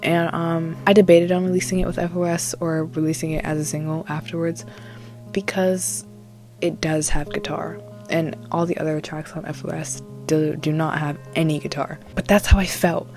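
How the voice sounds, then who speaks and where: A woman's voice: deep voice, normal speed, faint music behind. A young woman in her late teens, a musician talking casually and dramatically about her songs. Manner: animated, dramatic and candid. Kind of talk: casual vlog talk.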